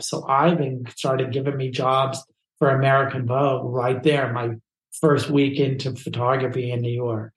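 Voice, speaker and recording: A man telling his story as a podcast interview guest, animated and acting out the dialogue. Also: mid-range voice, normal speed, reverberant, rough recording.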